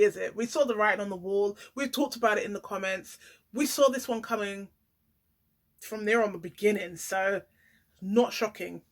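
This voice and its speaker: A woman giving a casual, animated vlog commentary, playing up the drama and talking straight to her viewers. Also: high voice. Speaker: YouTuber reviewing a reality show.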